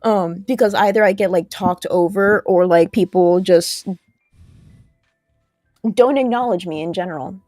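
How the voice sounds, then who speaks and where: A woman's voice: lowish voice, unhurried, long pauses, a little mellow, no echo, clean studio sound, soft background music. A woman with a lisp chatting on a livestream, hesitant, with many fillers and trailing thoughts. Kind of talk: casual livestream chat. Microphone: large desk mic.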